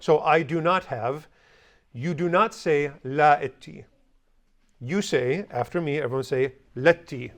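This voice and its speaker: A man teaching a language class, with a voice pitched a little high. He is blunt and sarcastic, teasing his students as he leads them through call-and-response drills in a classroom. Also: normal speed, a bit bright.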